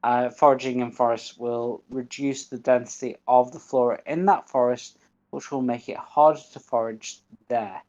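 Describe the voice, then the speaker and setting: A man's voice: medium pitch, fairly even intonation, normal speed, darkish tone, muffled recording. A man giving casual commentary on a game stream, chatty and laughing at himself while reading game text aloud. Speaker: gaming streamer.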